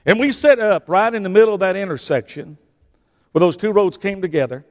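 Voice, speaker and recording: An older man with a Southern US accent preaching a sermon, telling folksy stories that swing between shouting and hushed asides. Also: sits high, a little fast, big-room sound.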